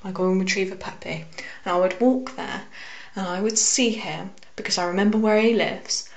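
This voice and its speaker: A young woman telling a personal story to camera, hesitant with frequent fillers and soft asides. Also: medium pitch, fairly even intonation, moderate pace. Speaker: vlogger.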